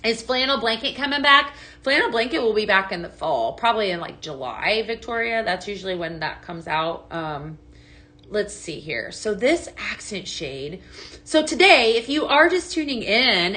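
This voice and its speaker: Chatty woman host, bright and slightly high voice, live sales stream. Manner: chatty and bubbly, greets viewers by name, answers their questions. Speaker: home fragrance consultant hosting a live sales stream. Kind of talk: casual live-stream product demo.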